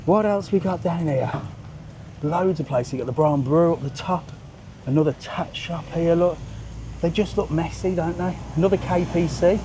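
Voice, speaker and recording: A man's voice: on the high side, moderate pace, noisy background. A man walking a street on a live stream, ranting bluntly and joking with passers-by. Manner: blunt, sweary, joking, ranty. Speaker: vlogger and tour seller. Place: outdoor seafront street.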